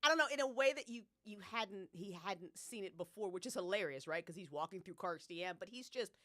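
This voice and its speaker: Animated, swearing woman in casual chat. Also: mid-range voice, fairly quick, dry recording, studio quality. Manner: animated, swearing freely, laughs often, voice jumps up when excited. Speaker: guest, audio drama creator. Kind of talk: casual live-stream chat.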